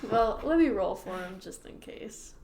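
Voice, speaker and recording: A woman's voice: mid-range voice, expressive, measured pace, darkish tone. A woman running a tabletop game as game master, laughing often as she narrates.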